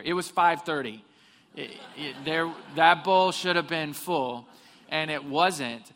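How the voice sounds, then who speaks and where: A man's voice: a little high, slow, fairly bright tone. A man preaching a sermon in a church hall, telling funny stories and asking the congregation questions. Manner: humorous storytelling, asks the congregation questions. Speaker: pastor. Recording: long reverb of a hall.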